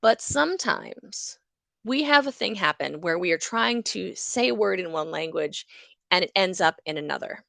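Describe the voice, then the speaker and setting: A woman lectures on psychology at university at a moderate pace, her fairly low voice rough and creaky; English is her first language. Her teaching is animated, and she acts out brief examples as she explains. The audio is close and dry, without ambience.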